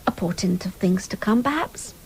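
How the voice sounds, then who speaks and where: A woman presenting a radio documentary in measured, composed scripted narration. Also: medium pitch, animated, slightly rough, rough recording.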